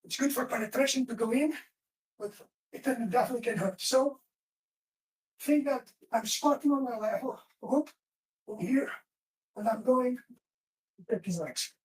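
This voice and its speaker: A woman's voice: fairly high pitch, unhurried, long pauses, a little mellow. A woman teaching self-defense in a live class, giving short commands while she demonstrates moves. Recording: roomy echo from far off.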